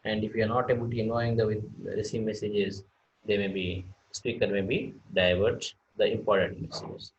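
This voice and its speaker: A man talks through a slideshow lecture in a fairly low voice. He speaks haltingly, and his sentences are full of fillers and restarts. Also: level tone, muffled recording.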